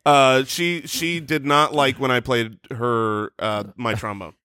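A man with a bright, forceful voice trading jokes as a comedy podcast co-host. He spins deadpan tall tales in loose banter. The sound is dry and close, with no room in it. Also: medium pitch, slow, clear, resonant tone, dry recording.

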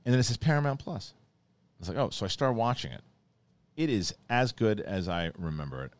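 A man hosting a podcast, chatting casually in a rambling, animated way with many restarts. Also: fairly low pitch, brisk, no room sound. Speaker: podcast host. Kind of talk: casual chat.

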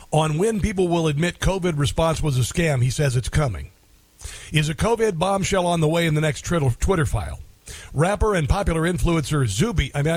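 A middle-aged male talk radio host with a voice sitting a bit high for a man. He delivers an opinionated monologue with combative indignation, hammering points home by saying them twice. The sound is dry and close, with almost no room around it. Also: dry recording. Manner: repeats phrases for emphasis.

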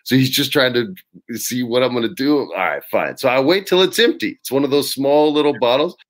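A middle-aged man, a guest in an interview, telling casual anecdotes in an animated way, swearing freely and acting out what others said. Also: mid-range voice, a little fast. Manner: animated, swears freely, acts out quoted lines.

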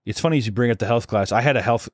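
A man co-hosting a podcast, telling animated, profane stories in casual banter and laughing often. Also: mid-range voice, racing, no room sound, clean studio sound. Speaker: podcast co-host.

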